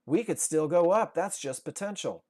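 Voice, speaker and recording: A man's voice: a little high, expressive, moderate pace, darkish tone, close to an everyday voice. A man acting out the buyers in a chart, stubborn and pleading, in a live trading class. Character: hopeful, stubborn group of market buyers.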